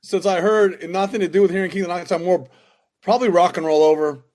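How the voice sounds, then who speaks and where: A man's voice: high-pitched, steady tone, quick pace, darkish tone. A guest musician talking through memories with plain enthusiasm. He is a man whose voice sits slightly above average. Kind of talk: casual interview chat.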